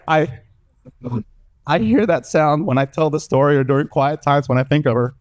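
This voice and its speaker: A young adult stand-up comedian from Mexico performs a set on a comedy stage before a live audience. He tells animated stories at a moderate pace, imitating other people's voices with big leaps in pitch.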